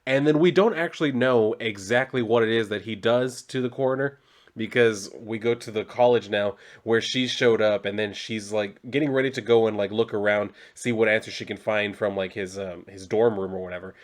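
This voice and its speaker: A man's voice: lowish voice, brisk. Rambling, swearing male comic reviewer. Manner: rambling, profane, heavy on "like". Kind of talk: casual recap and commentary.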